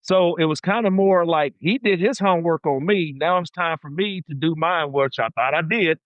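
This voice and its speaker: A man in casual podcast chat, telling stories with restarts and a lot of "you know." His mid-pitched voice comes through close and dry, a bit muffled. He gets animated as he tells them. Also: normal speed, clear, resonant tone, dry recording. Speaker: podcast guest.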